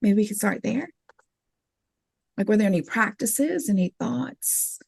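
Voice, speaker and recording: A woman's voice: medium pitch, animated, a little slow, gravelly, a little mellow, slightly rough, no room sound, clean studio sound. A woman hosting a casual conversation, encouraging and upbeat, with lots of fillers. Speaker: host.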